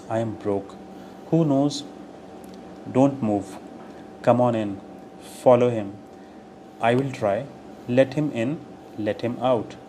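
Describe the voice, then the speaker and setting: A man teaching English, reading short everyday phrases aloud one by one in a clear, deliberate way. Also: mid-range voice. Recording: steady air-conditioner hum behind voice.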